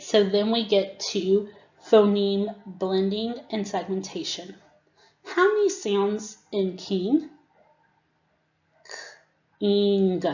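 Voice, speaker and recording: A woman giving a teacher-training presentation on reading skills, acting out classroom prompts as she explains them. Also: mid-range voice. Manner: demonstrates classroom prompts, slow and deliberate. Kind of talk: instructional presentation. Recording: dull, roomy recording.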